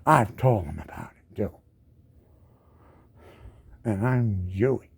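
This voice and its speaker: Speaking slowly in a lowish, creaky, husky voice, a man in his seventies delivers an expressive, furious monologue to camera. He's a disabled veteran, and his indignant rant keeps circling back with repeated words and rhetorical questions.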